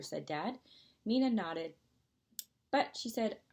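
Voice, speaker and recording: A woman, a preschool teacher, reading a picture book aloud in a gentle storytime voice. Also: mid-range voice, expressive, moderate pace.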